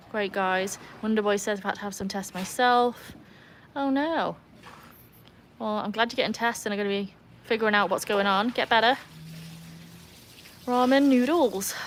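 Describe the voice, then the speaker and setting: A British woman hosting a casual livestream by the pool, chatting, rambling and reading out viewer comments. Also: a little hiss or hum. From Britain. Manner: chatty, rambling, self-mocking, talks to her dogs in a high excited voice. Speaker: livestream host. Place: outdoors by a pool with dogs.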